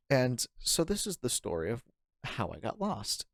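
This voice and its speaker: A man's voice: medium pitch, normal speed, vocal fry, dry recording, clean studio sound. A young man telling a rambling story in a casual chat, laughing often and acting out what people said. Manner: animated, rambling, laughing, acts out quoted lines. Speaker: podcast guest.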